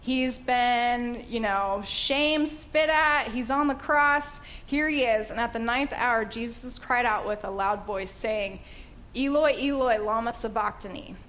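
A woman's voice: on the high side, measured pace, a bit bright. Chatty, upbeat woman teaching the Bible. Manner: chatty and enthusiastic, with frequent fillers and laughs. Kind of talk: casual Bible study teaching.

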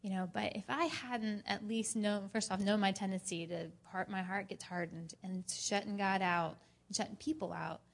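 A woman in a church group sharing an earnest personal testimony, telling her story in an animated way. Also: medium pitch, moderate pace, creaky.

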